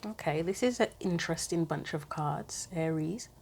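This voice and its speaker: A woman with a fairly low, slightly mellow voice gives a relaxed tarot reading at a moderate pace. She muses to herself in chatty asides and reads the cards' guidance out of a book, with a faint hiss or hum in the background.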